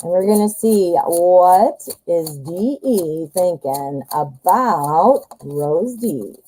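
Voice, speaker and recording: A woman's voice: on the low side, expressive, drawn-out words, mellow, low-quality recording. Chatty woman reading tarot live. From United States. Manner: chatty, rambling, addresses viewers as hun and honey. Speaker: tarot reader. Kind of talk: live-stream tarot reading, casual chat.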